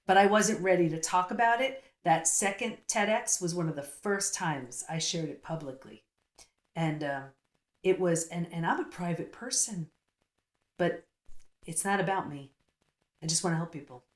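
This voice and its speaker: A middle-aged woman, a psychologist guest, telling her story in an earnest, casual interview manner. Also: on the low side. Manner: earnest, storytelling, quick asides. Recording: roomy echo.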